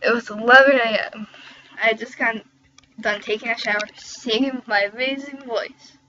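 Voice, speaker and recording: A woman's voice: fairly high pitch, steady tone, normal speed, pushed and bright, highs cut off, slight background noise. A teenage girl reading fan fiction aloud with giggly, chatty asides. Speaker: reader.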